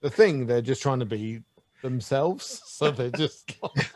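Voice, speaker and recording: A man's voice: medium pitch, animated, unhurried, darkish tone. A man guesting on a casual wine podcast, playful and teasing, laughing often. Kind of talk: casual chat over wine.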